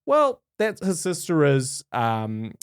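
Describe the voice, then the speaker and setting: An animated male podcast co-host whose voice sits a touch high and swings widely in pitch. He talks in casual chat, laughing often and tripping over restarts as he reaches for his point. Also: takes it slowly, clean tone.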